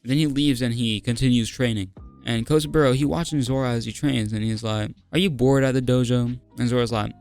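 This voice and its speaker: A young man with a gravelly, rough-edged voice talks through a story recap in loose slang. He sounds hyped, laughs often and keeps throwing in "bro". Faint background music plays beneath him. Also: mid-range voice, fairly even intonation, brisk, hardly any pauses, a little mellow. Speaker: manga review host. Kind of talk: casual slang-heavy recap.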